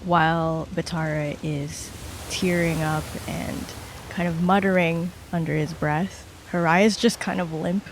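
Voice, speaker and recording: A player calmly describing their character's actions in a tabletop game. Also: mid-range voice, measured pace, background noise.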